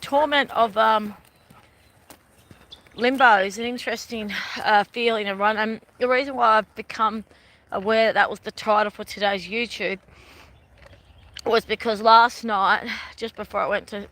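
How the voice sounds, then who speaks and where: Bright-voiced Australian woman, chatty. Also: medium pitch. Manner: rambling, chatty, laughs often. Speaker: vlogger. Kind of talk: casual live-stream chat. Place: outdoors walking by a river.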